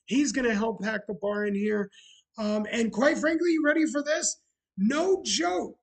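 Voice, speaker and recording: A man's voice: very high-pitched, a little slow, vocal fry, slightly rough, rough recording. A man chatting casually on a live stream, sarcastic and talkative, greeting viewers as he goes. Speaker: streamer running a bar roleplay channel.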